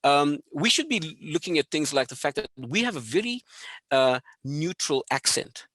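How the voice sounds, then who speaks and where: A man's voice: a little high, big pitch swings, normal speed, a bit bright, no echo. A South African man with a South African accent speaking as a webinar guest, listing his points with enthusiasm over a video call. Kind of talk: webinar conversation.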